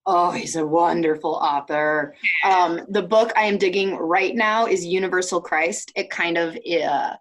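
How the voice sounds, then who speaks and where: A woman hosting a podcast, talking in an animated, chatty way with lots of "like"s. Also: fairly low pitch, a little slow, hardly any pauses. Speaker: podcast host. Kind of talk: casual conversation.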